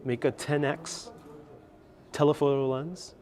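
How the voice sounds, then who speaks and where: A man's voice: on the high side, little pitch movement, slow, a little mellow. A man giving a chatty live-stream tour from a skyscraper observation deck, reading out viewer comments as he goes. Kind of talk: casual live-stream narration. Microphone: wireless clip-on mic with phone on gimbal.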